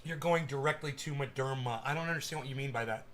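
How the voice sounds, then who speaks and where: A man's voice: mid-range voice, fast talker, noisy background. A man hosting a live stream, ranting casually with lots of swearing and stammered repeats. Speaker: livestream host. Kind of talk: casual livestream rant.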